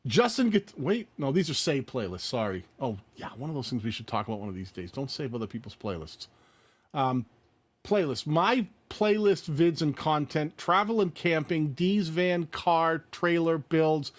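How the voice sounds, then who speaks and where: A man co-hosting a live-stream channel review game show, playful and lively, thinking aloud as he reads. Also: on the high side, normal speed. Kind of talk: casual live-stream banter and channel critique.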